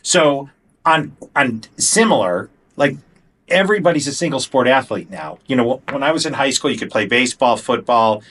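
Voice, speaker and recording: A middle-aged man hosting a podcast interview, asking questions in a relaxed, conversational way. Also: medium pitch, moderate pace, slight background noise. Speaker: podcast host. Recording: voice distant from the mic.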